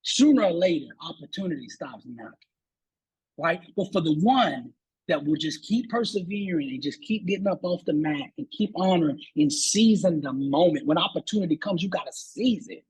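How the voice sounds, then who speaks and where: A man with an unusually smooth, resonant voice, telling a motivational story in an animated, preachy way. He swings his pitch up when he gets fired up and often doubles his words. He speaks like a guest on a talk show, building toward a lesson. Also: moderate pace, rough recording.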